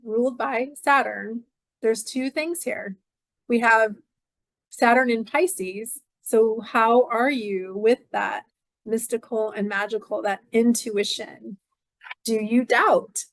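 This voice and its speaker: A woman's voice: a little high, no echo. Effusive middle-aged woman, dry close voice. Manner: effusive, repeats phrases, many "like" fillers. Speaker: astrology channel host. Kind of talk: casual spiritual monologue.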